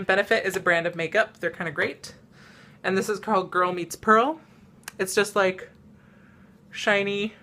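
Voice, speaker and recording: A young woman with a bright, forward voice chats casually to camera about makeup. She rambles a little, dropping plenty of "um"s and "like"s and laughing easily as she shows her products. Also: mid-range voice. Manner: chatty and rambling, lots of "um" and "like", laughs often; demonstrates products while talking. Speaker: vlogger.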